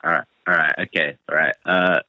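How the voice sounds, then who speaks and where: A man's voice: very deep voice, steady tone, a little fast, no echo. A man with an English Hertfordshire accent, calling in and stumbling nervously with laughter. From England. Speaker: caller. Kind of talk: casual phone chat. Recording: dull lo-fi phone call.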